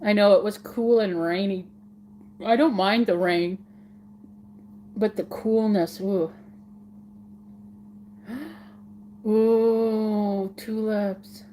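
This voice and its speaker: A woman's voice: mid-range voice, fairly even intonation, very slow, long pauses, dark tone, slight background noise. A woman hosting a casual live stream, chatting with viewers in a giggly, playful way and repeating words for fun.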